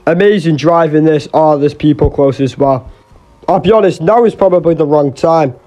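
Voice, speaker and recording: A man's voice: fairly high pitch, normal speed, mellow, soft background music. A young man giving swearing, exasperated, jokey commentary over his own gameplay. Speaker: gaming YouTuber.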